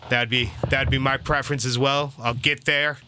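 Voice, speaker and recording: A man's voice: mid-range voice, normal speed, noisy background. A young man co-hosting a podcast in casual chat, telling stories animatedly and acting out quoted lines. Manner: animated storyteller, acts out quoted bits with laughter. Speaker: podcast co-host.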